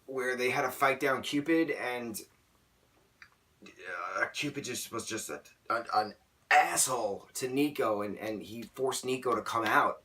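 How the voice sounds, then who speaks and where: A young man reviewing a book in a casual vlog, rambling and excitable, often stammering and restarting. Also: mid-range voice, measured pace, far from the mic.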